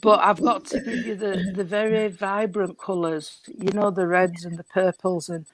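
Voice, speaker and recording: A woman's voice: medium pitch, steady tone, moderate pace, poor audio. A woman giving a spiritualist mediumship reading, emotional and affectionate, calling the listener darling and sweetheart. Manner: emotional, tearful, affectionate, calls people darling. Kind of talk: mediumship reading in a church service.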